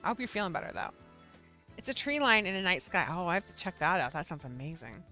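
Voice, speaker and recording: Bubbly woman host, high bright voice with lots of swing, faint music underneath. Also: fast talker. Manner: bubbly, excitable, chatty with viewers. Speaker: livestream host of a yarn shop show. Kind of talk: casual livestream chat.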